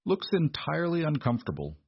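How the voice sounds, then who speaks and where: A man voicing a gruff nobleman husband who speaks bluntly and matter-of-factly but quietly. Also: a little high, huge pitch swings, fast talker, no echo, highs cut off, pitched above the performer's own voice, exaggerated voice.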